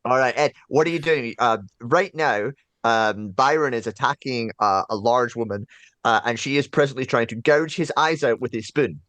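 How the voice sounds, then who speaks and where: A man's voice: mid-range voice, moderate pace, dry recording. A man narrating as game master of a tabletop horror game, telling the scene with many fillers. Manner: lively storyteller, many fillers.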